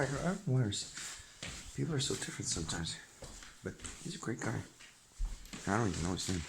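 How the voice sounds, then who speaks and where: Over a noisy background, a man with a mid-range voice chats casually to his viewers, rambling and frequently cutting himself off mid-sentence. Now and then he reads aloud from a book between his chatty asides.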